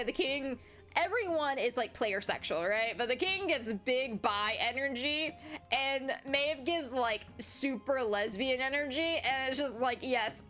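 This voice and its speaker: A chatty young woman with an American accent reads a visual novel aloud and keeps breaking off into animated, giggly commentary. Her voice sits a little high, and faint music plays beneath her. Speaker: gaming streamer.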